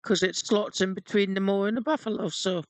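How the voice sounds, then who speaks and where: A man co-hosting a casual gaming livestream, jokey, reading announcements aloud at a steady pace. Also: high voice, fairly quick, no echo, rough recording. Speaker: livestream co-host.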